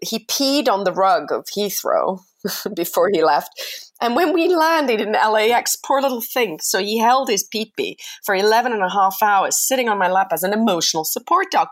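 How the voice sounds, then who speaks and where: Animated woman telling a funny story. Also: medium pitch. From Iran. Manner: animated storyteller, acts out voices, laughs often. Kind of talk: casual chat.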